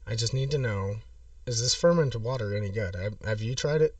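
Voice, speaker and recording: A man voicing an evasive, oddly formal hotel guest who calls himself a professional, prank-calling the front desk in a slow, halting voice. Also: lowish voice, dry recording, recorded from a distance, natural voice. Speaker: prank caller.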